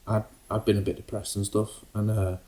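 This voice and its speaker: Podcast co-host, lowish voice, halting delivery full of ums. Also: male voice, level tone, dark tone. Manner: hesitant, many ums and restarts. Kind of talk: casual podcast chat.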